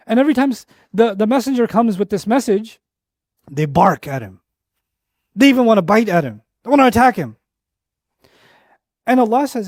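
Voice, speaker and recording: A man giving an Islamic lecture on Quran verses, telling an animated story, repeating phrases for emphasis and reciting Arabic verses quickly. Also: sits high, no echo, studio quality.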